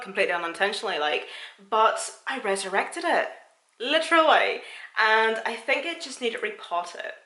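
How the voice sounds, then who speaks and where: Young woman, home vlogger, chatty and self-deprecating; bright tone, roomy echo. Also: medium pitch. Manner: chatty and self-mocking, laughs often. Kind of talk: casual plant tour vlog.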